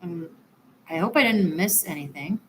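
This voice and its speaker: A woman's voice: fairly low pitch, normal speed, a little hiss or hum. A woman tarot reader on a live stream, chatting with viewers and apologizing as she gives readings.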